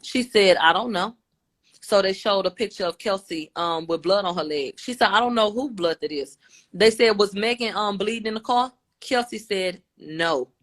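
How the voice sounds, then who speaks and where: A woman's voice: mid-range voice, normal speed. Woman animatedly recapping a story. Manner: animated storytelling, quoting back and forth. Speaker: livestream commentator. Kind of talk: casual recap of court testimony. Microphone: phone on a live video stream.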